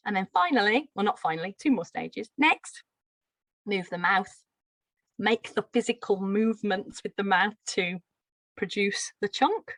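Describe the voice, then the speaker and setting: A teacher trainer from Birmingham, England, with a Brummie accent, explains a pronunciation drill during a live teacher-training lesson, friendly and explanatory with light laughs. Her medium-pitched, slightly bright voice moves at a measured pace, with no echo on a rough recording.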